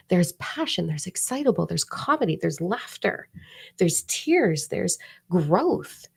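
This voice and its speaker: A woman hosting a casual spiritual live stream, animated and swearing freely. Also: fairly low pitch, slow pace, vocal fry, slightly rough. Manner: animated, swears freely, mock voices and whispers for effect.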